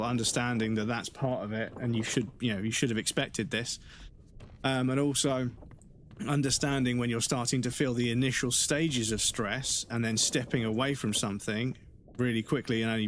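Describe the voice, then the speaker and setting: A man chats frankly on a game livestream, rambling through his thoughts and swearing freely. His voice sits at an ordinary middle pitch, with faint ambient noise in the background. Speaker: streamer. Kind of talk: casual chat while gaming on a livestream.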